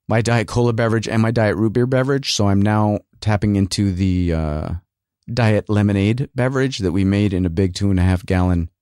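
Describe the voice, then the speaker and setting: A man's voice: fairly low pitch, a little mellow, no echo, clean studio sound. A man hosting a casual solo rant, rambling and sarcastic, full of fillers and restarts. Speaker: podcast host and working actor.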